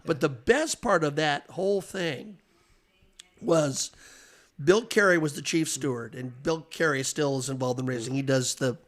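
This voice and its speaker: Chuckling man telling racing stories. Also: a little high. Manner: animated storyteller, chuckles often. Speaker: podcast guest. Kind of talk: casual anecdote telling.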